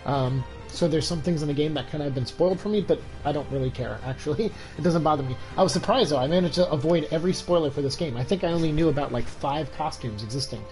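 A tired young man, stuffed up with a cold and exhausted, chats casually on a game stream from a room at home at night. His darkish, higher voice runs fast with few pauses as he keeps it down and rambles with lots of fillers. Faint music plays behind on a rough recording.

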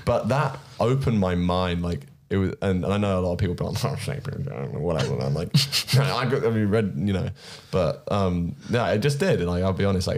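A young man with a posh English accent, a podcast guest chatting casually and laughing as he acts out little quotes. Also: deep voice. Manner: laughing, animated storyteller who acts out quotes. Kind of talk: casual chat.

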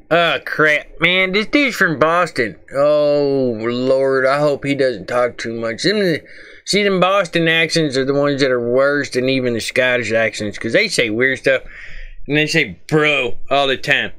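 A man's voice: mid-range voice, measured pace, bright, forceful tone, smooth. A man hosting a comic reaction video, grumbling in a folksy, rambling way.

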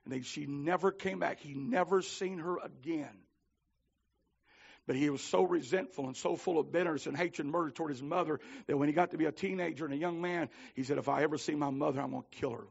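A man preaching a holiness sermon, telling stories with fervor and swinging from shouts to low pleading. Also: brisk, creaky, breathy edge, highs cut off. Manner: fervent, climbs to shouting then drops low. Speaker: minister.

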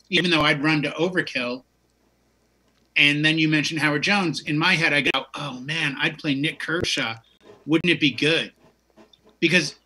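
A man's voice: a little high, bright, forceful tone, slightly rough. A man in his fifties, a DJ hosting a casual music chat, who talks with enthusiasm and wanders off into long stories. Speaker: DJ and show host.

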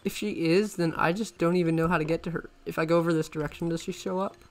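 Excitable man narrating his gameplay. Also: fairly high pitch, fast, faint music behind. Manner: excitable, rambling, frequent panicked exclamations. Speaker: gaming channel host. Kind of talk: let's-play commentary.

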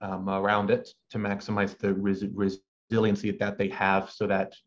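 Young guy w a stutter, low flat voice, muffled lo-fi line w faint hiss. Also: moderate pace. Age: young adult. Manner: stutters, repeats sounds, thoughtful. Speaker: medical student guest. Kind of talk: conversational interview. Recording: muffled lo-fi call with faint noise.

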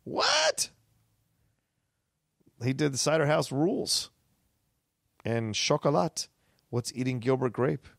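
A man's voice: mid-range voice, unhurried, vocal fry, pauses often, dry recording, studio quality. A man co-hosting a podcast in casual chat, enthusiastic and thinking aloud with frequent restarts. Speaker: podcast co-host.

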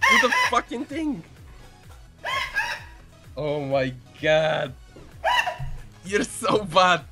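A man's voice: fairly high pitch, very animated, very slow, gravelly, music in the background. A young man playing a game with a friend, pushily coaxing him on and laughing. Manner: pushy and coaxing, keeps urging and laughing. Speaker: guest co-player. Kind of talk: casual gaming banter.

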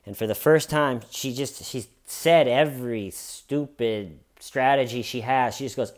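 A man narrating casual true crime commentary in an ordinary mid-range voice. His tone is wry and sarcastic, and he keeps slipping into quick impressions of the people he describes. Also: medium pitch. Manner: sarcastic and wry, acting out quotes.

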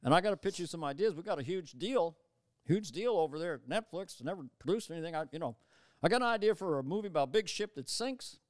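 A pushy, folksy ex-president, as a comedian puts him on, pitched well above the speaker's own voice and louder. He stretches his phrases into halting beats, then jumps into high shouts. The voice is smooth and dry. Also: animated, no echo, close to an everyday voice. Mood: pushy, playful. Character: impression of a former male president, folksy and pushy.

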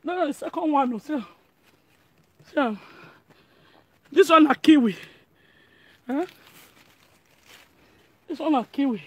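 Nigerian lady vlogging at home, pretty high pitched, chatty pidgin talk, dry sound. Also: animated, takes it slowly, long pauses, darkish tone, no echo. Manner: chatty, laughs often, speaks pidgin English. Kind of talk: casual home vlog chat.

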